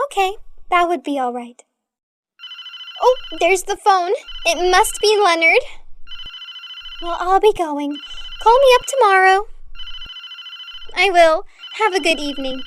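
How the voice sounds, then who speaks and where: A high-pitched woman reads short everyday English dialogues for beginners. She speaks slowly and clearly, taking each part in turn so learners can repeat after her. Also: expressive, fairly bright tone, slight background noise. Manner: slow, clear, evenly paced reading of both parts in short dialogues. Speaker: English teacher. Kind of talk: reading dialogues for listen-and-repeat practice.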